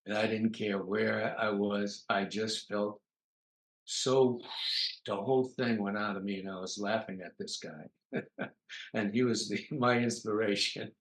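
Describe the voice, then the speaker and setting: A man's voice: on the low side, steady tone, unhurried. Rambling older man in a roomy echo. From New York, USA. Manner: rambling anecdotes full of uh fillers. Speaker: guest comedian. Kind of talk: casual storytelling interview.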